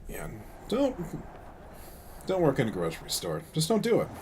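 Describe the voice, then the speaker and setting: A man with a gravelly voice giving casual, wry, grumbling commentary as he streams a game, often laughing. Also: fairly high pitch, wildly swooping pitch, normal speed, a little mellow, a little hiss or hum. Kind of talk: casual let's-play commentary. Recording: game music behind voice. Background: game music.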